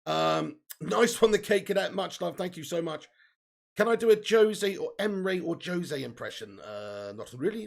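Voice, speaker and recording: A man's voice: high-pitched, big pitch swings, normal speed, gravelly. A man hosting a live football watch-along, joking, laughing often and reading out viewer comments. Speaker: live stream host.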